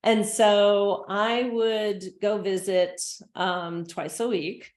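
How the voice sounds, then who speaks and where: A middle-aged woman speaks very slowly, at a medium pitch and in a level tone, in a roomy-sounding recorded presentation to caregivers. She's a dementia care consultant and presenter whose delivery is conversational and earnest, with gentle quoted lines acted out.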